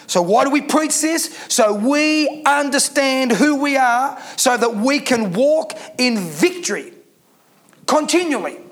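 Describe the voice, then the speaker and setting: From the pulpit, a male pastor with a very high voice delivers a sermon with emphasis, repeating key words and firing rhetorical questions at his church.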